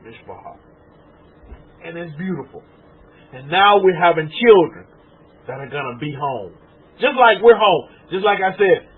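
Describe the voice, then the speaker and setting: Tearful male preacher, fervent, high husky voice, tinny phone-like audio. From Texas. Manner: fervent, swings from loud exclaiming to hushed murmuring. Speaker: rabbi. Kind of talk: emotional sermon to an online congregation.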